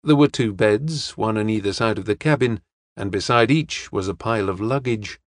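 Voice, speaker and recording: A man narrating an audiobook in an even, steady storytelling manner. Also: fairly low pitch, normal speed, dry recording, studio quality.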